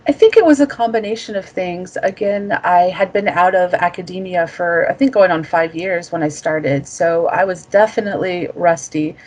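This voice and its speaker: Woman guest from the US, lower register, reflective and chatty with fillers. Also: normal speed, few pauses. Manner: reflective, frequent fillers and soft laughs. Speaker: former master's student guest. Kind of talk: casual interview chat.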